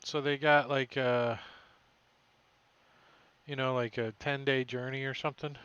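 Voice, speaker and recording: A man narrates a tabletop game as game master, unhurried and joking. His voice is smooth and a bit high. The sound is dry and dull, like an online call. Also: dry recording. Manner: relaxed, joking, halting with fillers.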